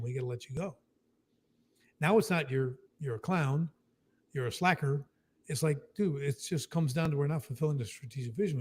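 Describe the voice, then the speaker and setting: A man's voice: a little high, darkish tone, slightly rough. A man explaining business strategy in a casual, emphatic way, often tagging "right?" and acting out short exchanges. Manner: emphatic, keeps adding "right?", acts out quick dialogue. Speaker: business coach.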